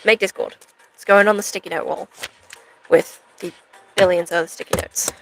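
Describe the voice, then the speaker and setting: Chatty young woman with a gravelly voice. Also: on the low side, fairly even intonation, normal speed, soft background music, low-quality recording. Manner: rambling and chatty, talking to viewers. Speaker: live streamer. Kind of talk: casual chat to a live stream audience.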